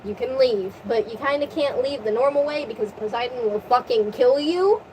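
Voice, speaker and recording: A woman's voice: fairly high pitch, normal speed, dark tone, close to an everyday voice. Woman putting on a slangy crude goddess. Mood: breezy. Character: brash flirty goddess woman, blunt. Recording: distant mic, faint noise.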